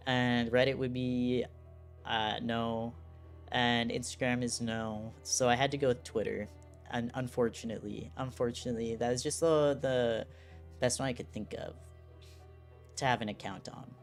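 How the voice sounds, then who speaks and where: Game streamer, casual rambling chat, frequent restarts, mid pitch, faint background music. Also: fairly even intonation, unhurried. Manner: rambling, self-interrupting, laughs often. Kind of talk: casual live-stream chat while playing.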